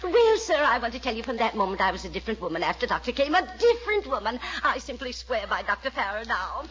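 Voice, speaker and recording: Fussy older mother, gushing, singsong, slightly high, dull old radio recording. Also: big pitch swings, fast talker, a bit bright. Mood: gossipy. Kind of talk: 1940s radio acting.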